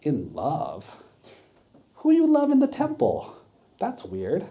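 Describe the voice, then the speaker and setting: Man voicing nosy curious monk, mellow, questioning. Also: medium pitch, big pitch swings, measured pace, muffled recording. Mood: incredulous.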